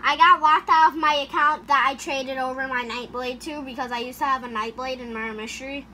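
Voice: mid-range voice, bright, forceful tone, slight background noise. A gaming YouTuber giving goofy, chatty commentary over gameplay, talking into a headset mic. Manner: chatty, goofy, makes sound effects.

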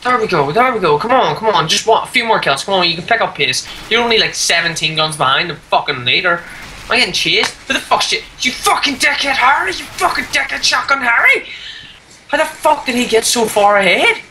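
A woman's voice: mid-range voice, animated, fast talker, sharp tone, a little hiss or hum, low-quality recording. A woman ranting and swearing at a rival player while commenting on her own gameplay. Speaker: gamer.

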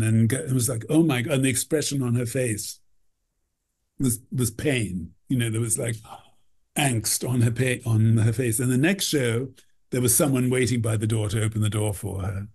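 A man's voice: mid-range voice, a little mellow. A man, a costume designer, telling backstage stories in an interview, rambling with many "you know"s and acting out quotes. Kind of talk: anecdotal interview storytelling.

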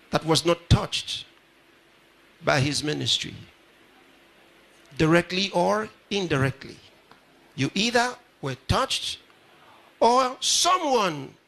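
A man's voice: a little high, vocal fry, pushed and bright. A pastor addressing a live audience at a ceremony, repeating his phrases and putting questions straight to the crowd. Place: large ceremony hall.

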